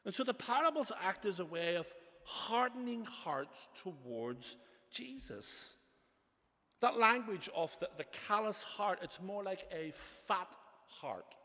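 A man's voice: high-pitched, pushed and bright. A male pastor preaching a sermon in a conversational way, with frequent asides and restarts. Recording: long church reverb.

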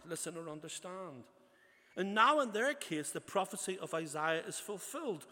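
A man's voice: high-pitched, lively intonation, moderate pace, fairly bright tone. A male pastor preaching a sermon in a conversational way, with frequent asides and restarts. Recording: long church reverb.

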